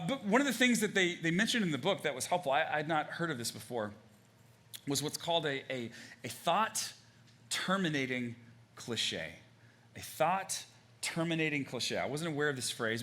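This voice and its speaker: A man preaches from a church stage in a loose, talky way, stumbling over restarts and acting out little quoted lines. His voice is bright and forceful, sitting slightly high for a man. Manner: conversational and animated, many fillers and restarts, acts out quotes. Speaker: pastor. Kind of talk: sermon.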